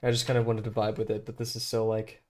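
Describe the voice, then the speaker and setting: A man's voice: on the low side, fast talker. A young man streaming his drawing practice, chatting casually to himself and to chat with lots of fillers. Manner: relaxed, rambling, talks to himself and to chat with many fillers.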